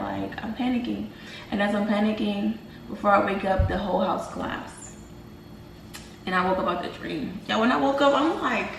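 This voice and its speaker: A young woman vlogger casually telling viewers about a dream, animated and slangy, talking to them as y'all. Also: mid-range voice, moderate pace, slight background noise. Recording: roomy, from a distance, faint ambience.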